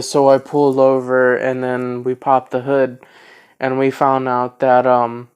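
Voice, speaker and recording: A man's voice: medium pitch, darkish tone, smooth. A man in his twenties telling a story casually, rambling with lots of fillers and restarts. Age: 20s.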